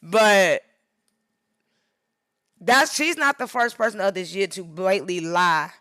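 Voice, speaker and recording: Bright-toned, worn-out woman livestreaming. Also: medium pitch, slow pace, dry recording, studio quality. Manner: rambling, emphatic, drifts into preachy asides. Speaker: photographer livestreaming her editing. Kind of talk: casual livestream talk.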